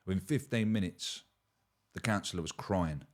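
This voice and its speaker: A man's voice: low-pitched, moderate pace. A man from Kent, a podcast guest telling stories in a blunt, rambling, sweary way. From Kent, England. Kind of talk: casual chat.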